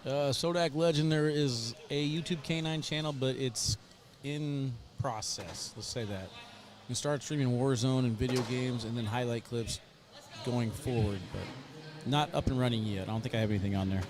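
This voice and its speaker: A man's voice: medium pitch, moderate pace, a crowd in the background. A man giving live play-by-play commentary on a cornhole match, chatty and joking between plays. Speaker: sports commentator.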